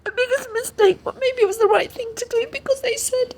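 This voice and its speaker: Woman, English accent, high voice, podcast guest, earnest storytelling. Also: fairly quick. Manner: earnest, checks in with "yeah?" tags. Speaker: interview guest. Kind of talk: emotional personal storytelling.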